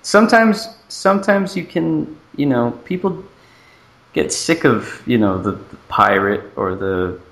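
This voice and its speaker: A man's voice: medium pitch, lively intonation, measured pace, fairly bright tone. A man co-hosting a casual podcast, dry and argumentative, fond of rhetorical questions. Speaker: podcast co-host. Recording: roomy echo.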